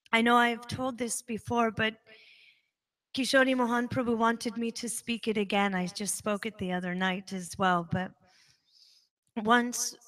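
A woman giving a spiritual talk at a devotional center, telling a personal story in an emphatic, animated way. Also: a little high. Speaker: devotional speaker.

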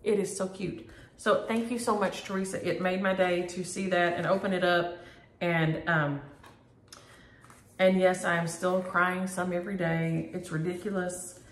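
A woman's voice: lowish voice, level tone, moderate pace. Chatty woman in an echoey room. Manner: homey, chatty, uses y'all. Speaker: flosstube host. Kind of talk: casual chat to camera.

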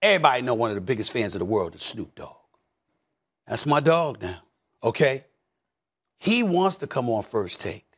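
A middle-aged man giving heated sports commentary, emphatic, repeating phrases and swinging from low mutters to shouts. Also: very animated, normal speed, pauses often, husky.

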